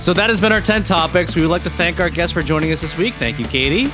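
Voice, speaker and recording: A man's voice: fairly high pitch, expressive, fast, music in the background. A man hosting a podcast and reading the closing sign-off. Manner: joking, reads the sign-off. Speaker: host. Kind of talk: casual podcast chat.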